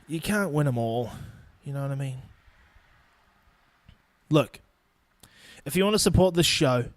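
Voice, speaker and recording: A man's voice: on the high side, no echo. A man in his twenties with a New Zealand accent, hosting a solo podcast and ranting bluntly with lots of swearing. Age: 20s. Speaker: podcast host. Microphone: studio microphone.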